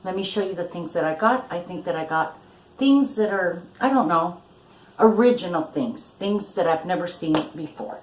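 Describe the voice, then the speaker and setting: A woman's voice: fairly low pitch, animated, moderate pace, a little mellow, echoey room, a little hiss or hum, low-quality recording. An older woman chatting casually in a vlog, gushing over her thrift-store finds. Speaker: vlogger.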